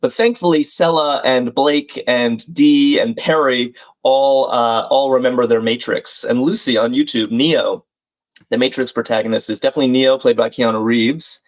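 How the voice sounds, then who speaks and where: A man's voice: medium pitch, fairly even intonation, normal speed. Man thinking aloud over a crossword. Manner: thinks aloud, reads chat names and clues, friendly asides. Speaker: livestream host. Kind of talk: live crossword solving chat.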